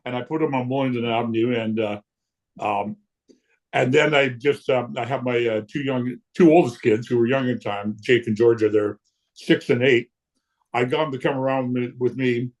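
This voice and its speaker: A man in his sixties spins stories in relaxed conversation. He is lively and blunt, slipping into the voices of other people and cursing without a second thought. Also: mid-range voice, normal speed. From Canada. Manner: lively storyteller who acts out quotes and swears freely. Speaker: guest punk musician. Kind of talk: casual storytelling.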